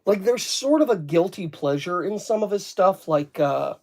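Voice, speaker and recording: A man's voice: high-pitched, expressive, normal speed. An American man co-hosting a casual movie review chat, joking and swearing, often cutting himself off. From United States. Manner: joking, profane, self-interrupting. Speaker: podcast co-host reviewing a movie.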